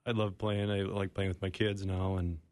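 Low-voiced man telling his story, halting. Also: flat delivery, a little mellow, no echo. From Minnesota, US. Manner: halting, self-deprecating, restarts. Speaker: studio guest. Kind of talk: personal testimony interview. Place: radio studio.

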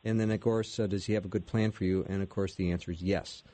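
A man hosting a Christian radio show who reviews questions for listeners in a relaxed, easygoing way. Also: low voice, quick pace. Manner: relaxed, with brief affirming murmurs. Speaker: radio host.

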